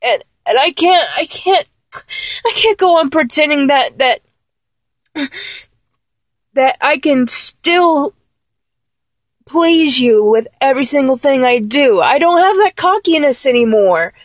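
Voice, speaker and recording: A woman in a one-sided audio role-play, talking in a halting, stammering, apologetic way. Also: high voice, animated, no room sound. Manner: halting, stammering, with many restarts.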